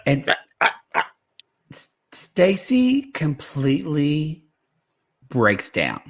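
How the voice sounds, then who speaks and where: A man co-hosting a podcast from home at night, chatty and animated as he retells a reality show. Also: a little high, very slow, slightly rough. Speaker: podcast co-host. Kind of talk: casual chat.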